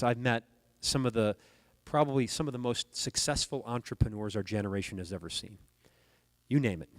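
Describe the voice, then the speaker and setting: A man's voice: medium pitch, no room sound, low-quality recording. A man delivering a motivational keynote speech at a conference, telling stories and speaking directly to the audience. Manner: storytelling, addresses the audience directly. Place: conference hall stage.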